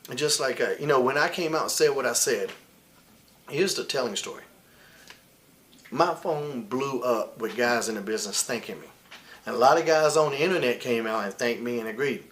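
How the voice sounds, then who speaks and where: Here a forties-aged wrestler guesting on an interview recounts frank stories, heated and blunt, with plenty of swearing and impersonated quotes of other people. His voice is medium-pitched, expressive, fairly bright and at a normal speed, over slight background noise.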